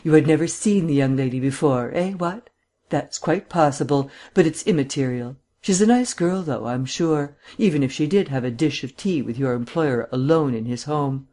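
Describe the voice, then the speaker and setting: A man reading an audiobook, voicing a cool, cynical gentleman detective with a drawling, mildly mocking manner. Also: a little high, normal speed, natural voice. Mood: urbane, amused.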